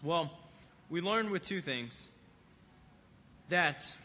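Man preacher, casual sermon with questions to the crowd, bright tone, muffled hall recording with long reverb. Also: fairly high pitch, animated, extremely slow, a little hiss or hum. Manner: conversational, repeats words while thinking, asks the audience questions. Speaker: youth pastor.

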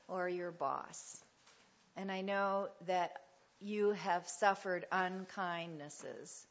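A middle-aged woman speaking at a church women's gathering, telling a story with animation and then praying gently. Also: medium pitch, lo-fi sound. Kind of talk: devotional talk and prayer.

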